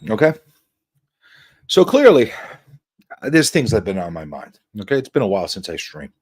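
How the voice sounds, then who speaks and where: A man's voice: lowish voice, wildly swooping pitch, moderate pace, darkish tone, slightly rough. A man hosting a casual livestream talk show, joking with his panel, swearing freely and drawing out his points with emphatic asides.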